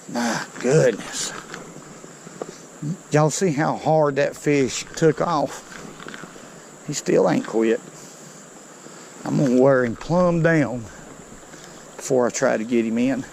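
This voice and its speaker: A man, giving excited, folksy commentary to viewers while he fishes a creek outdoors. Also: mid-range voice, takes it slowly, vocal fry, long pauses, a little hiss or hum, rough recording. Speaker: fishing vlogger.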